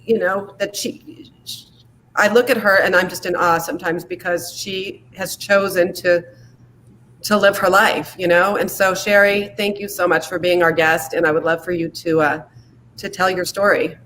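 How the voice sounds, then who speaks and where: A woman hosts a live online show and introduces her guest with many pauses and fillers. Her speech sounds emotional and unsteady. A faint room ambience sits under her voice. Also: lowish voice, flat delivery, a bit bright, a little hiss or hum, low-quality recording. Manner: halting, filler-heavy, emotional. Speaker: livestream show host. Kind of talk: casual heartfelt introduction.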